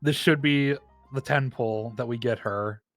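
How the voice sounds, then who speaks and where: An excitable streamer chatting casually on a game stream, often pleading and groaning loudly. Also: medium pitch, unhurried, soft background music. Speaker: streaming guest.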